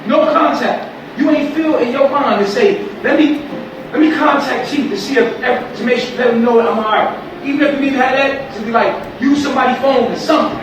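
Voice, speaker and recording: A man scolding people in an angry livestream rant, shouting and swearing in slang. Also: very high-pitched, a little fast. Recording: distant echoey livestream audio with noise.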